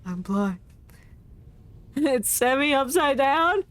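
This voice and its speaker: A woman's voice: high-pitched, expressive, slow, fairly bright tone. A woman streaming a game, chatting and reacting playfully with frequent giggles. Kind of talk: casual game commentary.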